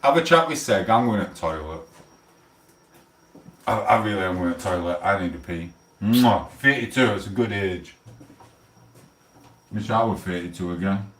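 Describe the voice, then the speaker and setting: Tipsy streamer, low voice, chatty banter, distant in an echoey room. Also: male voice, expressive, normal speed, pauses often, slight background noise. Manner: chatty, rambling, loud banter. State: a bit drunk. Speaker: livestream host. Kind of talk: casual rambling livestream chat. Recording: roomy echo, distant from mic.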